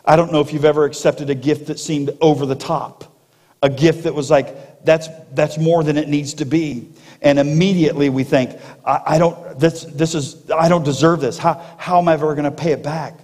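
A man's voice: fairly high pitch, fairly even intonation, normal speed, a little mellow, big-room sound. A male pastor preaching a sermon in a church, building to fervent emphasis and repeating phrases as he presses a point. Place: church sanctuary.

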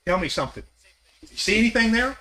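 An older man leads a Sunday Bible class in a casual, conversational way. His voice sits high and bright, and he keeps turning to his listeners with questions. He slips into the speakers' voices whenever he quotes scripture. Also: lively intonation, quick pace, slight background noise. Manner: acts out scripture quotes with shifting voice.

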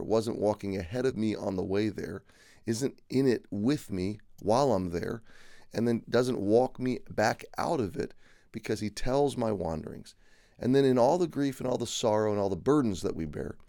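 Low gravelly-voiced male pastor. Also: mellow, dry recording, clean studio sound. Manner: earnest, repeats phrases for emphasis. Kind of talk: daily devotional Bible teaching.

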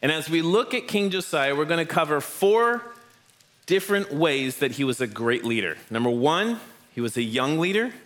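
In a church hall full of people, a man with a fairly high, somewhat bright voice teaches a family Bible lesson while out of breath. He's encouraging and playful, praising the children and joking with them.

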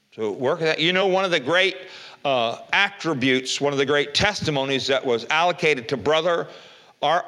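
A man's voice: medium pitch, bright, forceful tone. Older man preaching a folksy sermon. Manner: folksy preaching, reads scripture aloud with rhetorical questions. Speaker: pastor.

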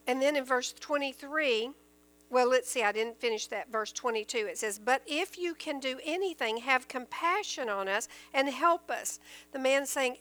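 A woman leads a Bible study, reading scripture aloud and then explaining it in plain, earnest words. Her voice sits high and sounds bright and clear. A faint electrical hum runs underneath the recording. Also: moderate pace, poor audio. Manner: earnest, explains verses in plain everyday terms. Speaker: Bible teacher.

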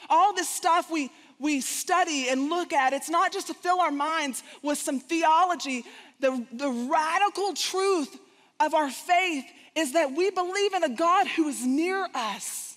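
A woman with a high voice tells a story from the pulpit. She is animated and slips into the voices of the people she describes, and her words ring out with a long reverb like a large hall. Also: a little slow. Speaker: guest speaker. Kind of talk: storytelling sermon.

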